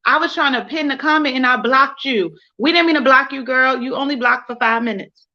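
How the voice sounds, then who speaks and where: A woman co-hosting a live reality show review, chatting in a sassy, expressive way with quick asides. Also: high-pitched. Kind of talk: casual live-stream chat. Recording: slightly dull, lo-fi sound.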